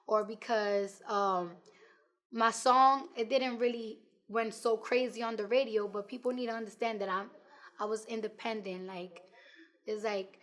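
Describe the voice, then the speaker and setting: A woman's voice: on the high side, measured pace. A woman in her twenties with a New York accent, a rapper talking bluntly and profanely in a casual interview. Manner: blunt, profane, animated storytelling.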